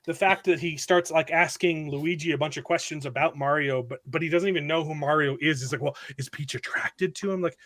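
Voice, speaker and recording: A man hosting a casual panel chat, a father, talking animatedly and jumping high in pitch when imitating others. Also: steady tone, brisk, hardly any pauses, fairly bright tone. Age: adult with a young son. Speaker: host.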